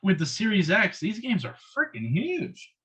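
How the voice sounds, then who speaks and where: A man's voice: high voice, wildly swooping pitch, normal speed, fairly bright tone, breathy edge, lo-fi sound. A man co-hosting a podcast, rambling easily about his games and trailing off mid-thought. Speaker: podcast co-host. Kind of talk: casual gaming chat.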